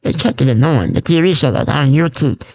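Talking briskly in a darkish, slightly high voice, a man hosts his own raw, unscripted podcast alone. He wanders and repeats points, leaning on fillers and frequently starting sentences over.

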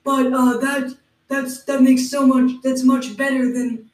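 Flat, mellow-voiced woman co-host. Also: sits high. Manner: flat, halting explanations. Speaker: podcast co-host. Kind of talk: improvised comedy podcast. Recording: roomy, distant mic.

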